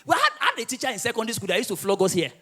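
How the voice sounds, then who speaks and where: A man with a Nigerian accent doing live stand-up comedy, telling stories with animated delivery and often laughing through his lines. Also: very high voice, rapid-fire, faint music behind.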